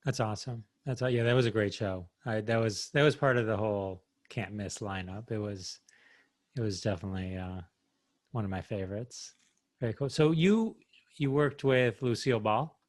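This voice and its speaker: A man with a fairly low voice hosts a casual podcast interview. He answers the guest with short, upbeat reactions and easy questions. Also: moderate pace. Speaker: podcast host.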